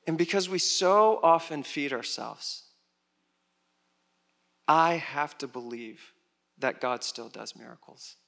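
Male pastor preaching a lively sermon, raised voice with a gravelly edge, swings between loud and soft. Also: on the high side. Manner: animated preaching with sudden loud rises and soft drops; chatty asides and quick laughs to the congregation.

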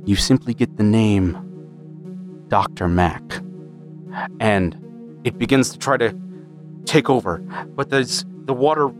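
A man running a tabletop role-playing game as game master, narrating in a halting way with repeated words. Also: on the low side, music in the background.

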